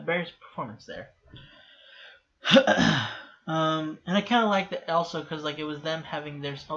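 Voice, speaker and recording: A man's voice: a little high, vocal fry, a bit bright, muffled recording. A young American man casually rambling through a TV episode reaction, with many restarts and laughs. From United States. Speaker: TV reaction host.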